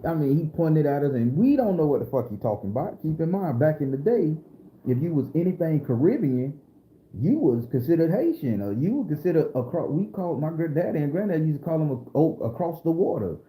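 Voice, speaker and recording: A man's voice: on the high side, a little fast. A middle-aged man from southern Florida, telling a story in a casual, streetwise way, full of cursing and slang. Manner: animated, profane, streetwise storytelling. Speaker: storyteller host. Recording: echoey room.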